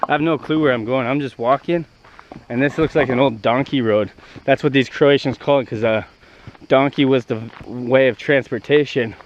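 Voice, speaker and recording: In a lo-fi recording with a little hiss or hum, a young Canadian rambles and swears through a casual walking vlog at ancient ruins outdoors, his banter brash and profane. His medium-pitched voice moves at a moderate pace.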